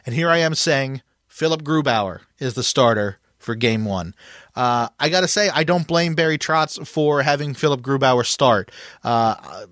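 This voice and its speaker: A man's voice: mid-range voice, expressive, unhurried, fairly bright tone, dry recording, studio quality. A man hosting a casual sports podcast, chatting and asking his co-host questions. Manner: conversational, leads questions with restarts.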